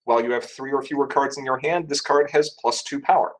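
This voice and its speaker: A man's voice: medium pitch, fairly even intonation, quick pace, low-quality recording. A man co-hosting a casual card game podcast, analysing and speculating. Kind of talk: casual panel discussion.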